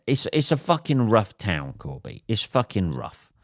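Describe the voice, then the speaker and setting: Low-voiced, sweary English comedian rambling. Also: male voice, big pitch swings, measured pace, no echo, clean studio sound. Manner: profane, self-mocking storytelling with frequent fillers. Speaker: comedian and podcast host. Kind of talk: rambling solo podcast monologue. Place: at home late at night after a gig.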